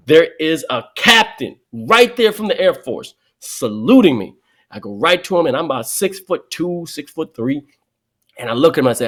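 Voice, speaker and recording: A man's voice: on the high side, moderate pace. A man, a comedian telling stories as a podcast guest, acting out the people he quotes. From New York. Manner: lively, acts out quoted people. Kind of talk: animated podcast storytelling.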